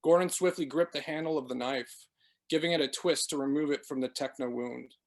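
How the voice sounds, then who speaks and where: A man, the author, reading his novel aloud in a steady, measured way. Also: on the high side. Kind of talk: dramatic book reading.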